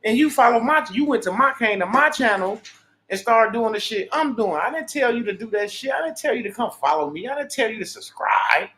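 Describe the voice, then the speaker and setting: A man's voice: very high voice, lively intonation, a little fast, pushed and bright. A man, hosting a livestream and ranting in a profane, preachy, boastful way. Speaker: livestream host. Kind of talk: unscripted livestream monologue.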